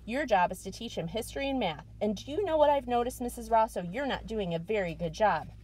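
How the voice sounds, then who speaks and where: A woman's voice: a little high, expressive, fairly quick, darkish tone, faint music behind, low-quality recording. A woman reading aloud a combative, sarcastic father arguing on the phone, in a storybook reading. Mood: indignant. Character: gruff blustering father, adult man, combative.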